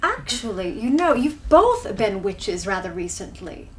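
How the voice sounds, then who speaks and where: A woman chatting in a group, teasing the others and quick to laugh. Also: medium pitch, very animated. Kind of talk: casual group chat. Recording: distant mic, faint noise.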